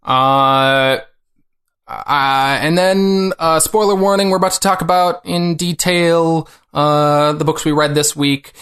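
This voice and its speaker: A man's voice: fairly high pitch, steady tone, slow, a bit bright, clean tone. A man co-hosting a comics podcast in casual chat, rambling with many fillers. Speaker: podcast co-host.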